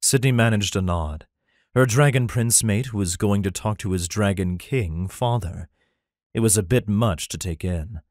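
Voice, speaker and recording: A man narrating a fantasy romance audiobook in an even, plain storytelling manner. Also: fairly low pitch, a little slow, dry recording, clean studio sound. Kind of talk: scripted narration.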